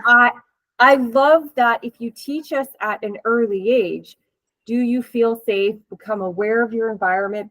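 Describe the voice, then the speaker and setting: A woman's voice: a little high, no room sound, low-quality recording. A woman hosting an interview and chatting casually as a coach, with a chatty, laughing manner and many fillers. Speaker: host and coach.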